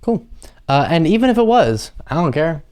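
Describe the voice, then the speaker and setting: A man's voice: on the high side, big pitch swings, normal speed, darkish tone, smooth. A man hosting a political commentary show, talking casually and with open opinions between news clips. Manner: conversational, opinionated, frequent um fillers.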